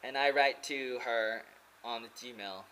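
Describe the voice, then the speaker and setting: Rambling, bright-voiced man vlogging. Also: medium pitch, slow pace, slight background noise, rough recording. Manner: hesitant, many fillers and restarts. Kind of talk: rambling casual monologue. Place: pagoda.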